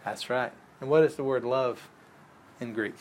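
A man's voice: mid-range voice, moderate pace, a little hiss or hum. A man teaching a Bible class in a casual lecture, talking conversationally and quizzing the class with questions.

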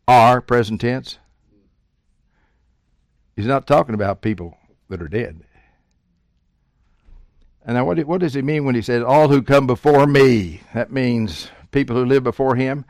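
A man preaching a sermon, swinging from quiet asides to loud, emphatic quotations of scripture. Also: mid-range voice, measured pace, pauses often, dry recording, clean studio sound.

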